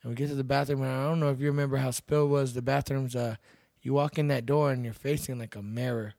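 A man's voice: mid-range voice, fairly even intonation, fast talker, vocal fry, a little mellow, no room sound, clean studio sound. A young man from Texas, a guest telling stories in a casual podcast chat, blunt and laid-back, swearing freely. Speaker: podcast guest, bouncer and MMA fighter.

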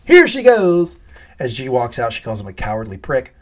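A man's voice: mid-range voice, huge pitch swings, moderate pace. A man co-hosting a podcast, animatedly recapping a TV episode, swearing often and acting out the quoted lines. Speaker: podcast co-host. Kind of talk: casual TV recap chat.

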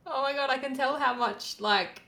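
A woman's voice: sits high, moderate pace, creaky, sharp tone. Friendly woman hosting a chat. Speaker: podcast host. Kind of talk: casual chat.

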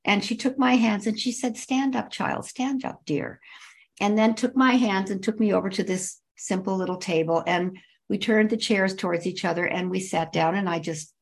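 Older woman telling a story with drawn-out emphasis. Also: medium pitch, steady tone. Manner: vivid, repetitive description with drawn-out emphasis. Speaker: guest. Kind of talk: personal storytelling in a conversation.

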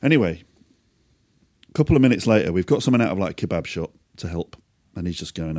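Lowish-voiced man telling a story. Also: animated, fast talker, darkish tone, no room sound. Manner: anecdotal, swears freely, lots of quoting. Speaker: podcast co-host. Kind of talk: casual podcast chat.

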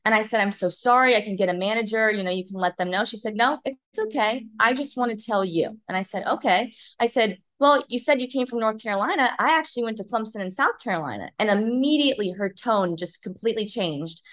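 A woman's voice: a little high, fast, hardly any pauses. A young woman, a podcast guest, telling a personal story and acting out other people's lines as she goes. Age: young adult. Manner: animated, acts out other people's voices in her stories.

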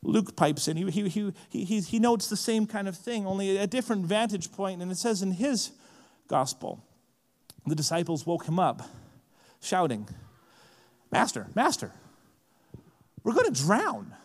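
A man preaching a sermon in a casual, animated way, often saying "like", at a conference. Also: sits high, moderate pace, long reverb tail. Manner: lively, casual, frequent "like" fillers. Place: large conference hall.

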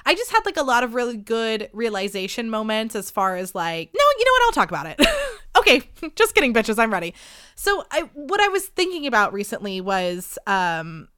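Late-20s woman podcasting, chatty and self-deprecating, bright crisp voice. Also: big pitch swings, a little fast, no room sound, studio quality. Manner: chatty and self-deprecating, with frequent fillers and pitch jumps. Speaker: podcast host. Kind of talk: casual confessional chat.

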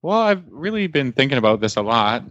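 A man's voice: mid-range voice, big pitch swings, fairly quick, fairly bright tone, dry recording, muffled recording. A man guesting on a radio show, talking in a rambling, thoughtful way with many fillers. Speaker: guest, dressage show host. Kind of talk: casual radio conversation.

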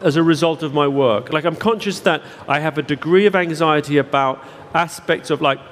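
A man speaking on stage to a packed theatre, telling a meandering, self-deprecating story full of false starts and asides. His voice sits a touch high for a man. The sound carries the long reverb of a big hall with faint noise underneath. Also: brisk, a bit bright. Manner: rambling, self-deprecating storytelling with many restarts. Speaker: keynote speaker. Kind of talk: live stage anecdote and Q&A. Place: large theatre with audience.

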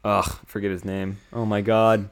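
A man's voice: lowish voice, little pitch movement, moderate pace, clear, resonant tone. A young American man hosting a casual chat, recapping a film in a rambling way, full of "like" and restarts. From United States. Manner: rambling, many "like" fillers and restarts.

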